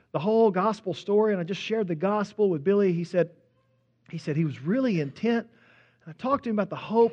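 A male pastor, telling an animated story in a sermon and calling out to the congregation. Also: high voice. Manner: animated, conversational, audience-engaging. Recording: dull lo-fi recording.

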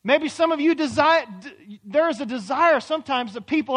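A man preaching a sermon in a church, acting out pleading prayers and swinging from loud, urgent questions to hushed near-whispers. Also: very high-pitched, animated, brisk, few pauses. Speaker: pastor. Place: church hall.

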